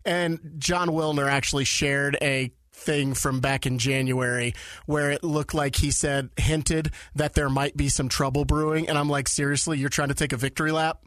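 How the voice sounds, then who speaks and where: Man, sports talk co-host, fairly high voice, sarcastic, dry studio sound. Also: little pitch movement, normal speed, fairly bright tone, no echo. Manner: mocking, laughing, sarcastic. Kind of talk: casual sports radio banter.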